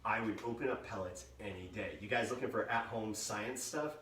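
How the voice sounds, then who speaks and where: A man's voice: fairly low pitch, normal speed, a bit bright, slight background noise. A middle-aged man, a museum educator, giving a playful live talk for kids and imitating owl calls. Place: indoors, museum room. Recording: roomy sound, mic at a distance.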